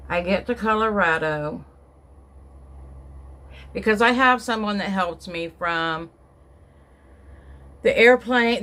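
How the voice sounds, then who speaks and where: A middle-aged woman recounts a personal travel story to camera at a slow, unhurried pace. She rambles, restarts her sentences, and lets her feelings about what happened show in a casual, heartfelt vlog delivery. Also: on the low side, pushed and bright. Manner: rambling, with many restarts and asides; emotional, recounting being upset. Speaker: vlogger.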